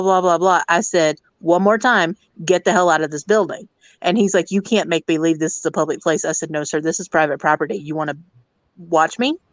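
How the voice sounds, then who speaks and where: A blunt woman with a slightly low voice tells a hotel story in a casual, profane rant. Her voice sounds close and dry, with no room around it. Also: no echo. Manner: blunt, profane, animated retelling. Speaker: hotel district manager.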